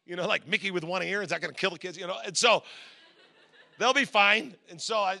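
A middle-aged man from Southern California preaching a sermon, telling a personal story with lively voices for the people in it. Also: sits high, a little fast, gravelly. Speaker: guest preacher.

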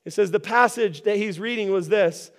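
Male pastor, earnest sermon, repeats himself for emphasis, clear resonant voice. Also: high-pitched, normal speed. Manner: earnest preaching, repeats phrases, rises to shouts.

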